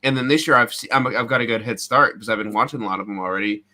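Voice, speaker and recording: A man joins a casual podcast chat with a bright, sharp-edged voice at a middling pitch. He speaks a little hesitantly and repeats words as he gets going. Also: racing. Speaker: podcast guest.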